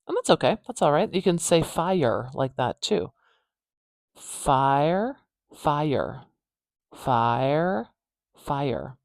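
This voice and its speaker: Woman teaching phonetics, slow and unhurried, with a dry close-up sound and patient, demonstrative repetition. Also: a bass voice, creaky, darkish tone, no echo. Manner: patient, repeats words slowly to demonstrate sounds. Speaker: pronunciation teacher. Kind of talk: phonetics tutorial, transcribing words aloud.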